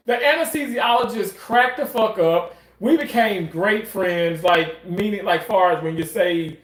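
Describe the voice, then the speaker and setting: A man's voice: sits high, unhurried, few pauses, echoey room. A man telling a story in a casual, emphatic way, swearing often and repeating phrases for effect. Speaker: commentator.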